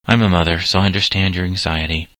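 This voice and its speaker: A kind, calm doctor's wife from a storybook, voiced by a male reader. Her lines sit low with a bright edge, in a close, dry recording. The reading stays near the narrator's own voice. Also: quick pace, dry recording, rough recording. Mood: gentle.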